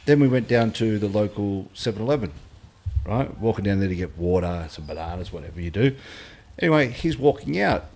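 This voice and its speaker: A man's voice: fairly low pitch, expressive, brisk, darkish tone. A middle-aged Australian man, a former fighter, chatting on a podcast in a blunt, sweary way and acting out quotes as he tells stories. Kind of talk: casual podcast chat.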